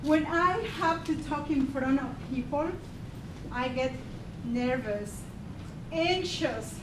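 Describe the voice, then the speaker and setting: A woman with a Mexican Spanish accent giving a humorous contest speech, deadpan and pausing for laughs. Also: high voice, distant mic, background noise. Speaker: contest speaker. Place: meeting hall with audience. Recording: echoey hall, mic from afar, crowd laughing.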